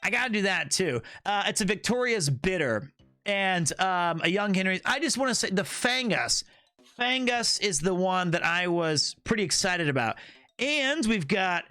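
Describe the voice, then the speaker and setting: A playful, animated male streamer chatting casually with his viewers and riffing on whatever they send in. His voice sits high and sounds bright and forceful, and it is recorded close and dry with faint music behind it. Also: unhurried, no echo. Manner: animated, playful, laughs at his own jokes. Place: Tokyo, Japan.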